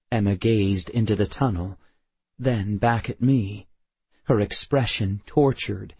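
A man narrating a first-person audiobook in a measured, unhurried manner. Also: lowish voice, darkish tone, breathy edge, no room sound. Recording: dry, slightly dull studio.

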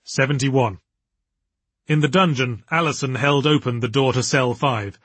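A man reads a novel aloud in a measured storytelling manner. His voice is husky and sits at a middle pitch. The recording is dry and close. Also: fairly bright tone, dry recording. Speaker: narrator. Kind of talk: audiobook narration.

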